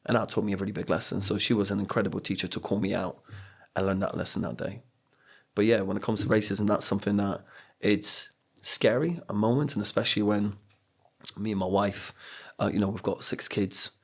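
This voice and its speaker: A man's voice: fairly low pitch, a little fast, gravelly, breathy edge. A middle-aged man from Poland, a podcast guest telling his life story and acting out the voices of people in it. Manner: animated storyteller who acts out quoted voices. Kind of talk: storytelling in casual chat.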